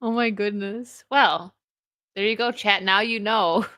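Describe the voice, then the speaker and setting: A woman's voice: mid-range voice, measured pace, bright, forceful tone, no echo, studio quality. A woman hosting a casual livestream chat, reading out donations with giggly asides.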